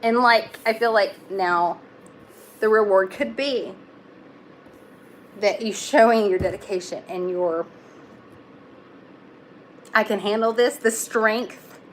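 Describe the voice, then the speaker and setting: A woman's voice: medium pitch, takes it slowly, pauses often, slight background noise. A young woman giving a casual live tarot reading, talking in a chatty, reassuring way with lots of fillers. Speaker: tarot reader.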